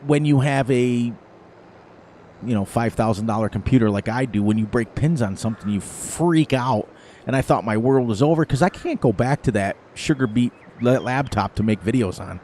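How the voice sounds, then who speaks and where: A man's voice: mid-range voice, normal speed, a little mellow, a little hiss or hum. A middle-aged man hosting a gaming channel, chatting casually over gameplay and telling rambling stories with frequent laughter.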